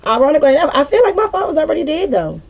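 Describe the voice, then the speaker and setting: A woman's voice: high voice, big pitch swings, racing, vocal fry, a little mellow. A young woman venting in an unscripted spiritual monologue, blunt and profane, preaching with repeated emphatic phrases. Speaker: spiritual vlogger.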